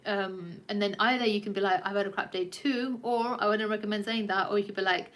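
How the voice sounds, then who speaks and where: A woman's voice: mid-range voice, fairly even intonation, a little fast, fairly bright tone. Frank, chatty woman vlogging to camera. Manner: chatty and frank, with casual swearing; loose and rambling, acting out little conversations. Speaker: personal trainer and life coach. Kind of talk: casual talk to camera.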